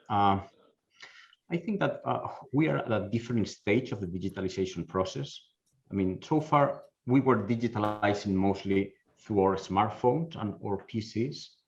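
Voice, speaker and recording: A man moderating a round-table discussion, speaking in a measured way with frequent filler sounds. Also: on the low side, a little mellow. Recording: dull lo-fi audio.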